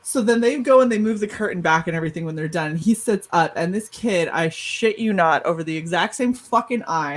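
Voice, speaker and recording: A woman on a panel show, telling a personal story in casual chat, animated and cursing freely. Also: fairly low pitch, low-quality recording. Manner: animated, swearing, laughing storyteller. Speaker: podcast panelist.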